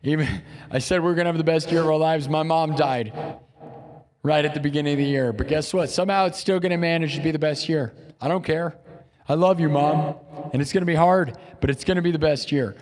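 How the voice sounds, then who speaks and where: A male live streamer with a somewhat high voice signs off with a hype pep talk to his viewers. He repeats his boasts about winning, now loud and proud, now low and reflective. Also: brisk. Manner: boastful, repetitive hype, swinging between loud declarations and quiet musing. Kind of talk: livestream sign-off pep talk.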